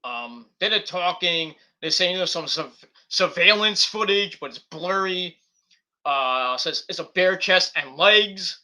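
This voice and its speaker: A man's voice: sits high, expressive, takes it slowly, sharp tone. A man streaming a casual, rambling recap of a wrestling show, full of ums and restarts. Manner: rambling, lots of fillers and restarts.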